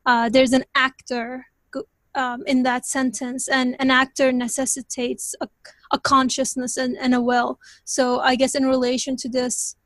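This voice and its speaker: A woman's voice: sits high, monotone, a little slow, fairly bright tone, dry recording. A woman in a study group discussion, thinking aloud in a tentative, hedging way. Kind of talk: reflective discussion comment.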